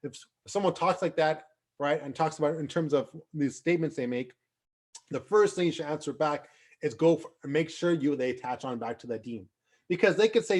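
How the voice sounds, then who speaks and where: A man teaching an online youth class over a video call, lively and asking his students questions as he acts out quotes. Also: a little high, brisk. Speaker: Islamic teacher.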